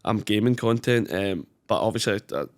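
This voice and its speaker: A man with a Scottish accent, a guest chatting casually on a podcast, animated and swearing freely. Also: on the low side, moderate pace. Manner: animated, swearing, laughs a lot. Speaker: podcast guest, gaming content creator.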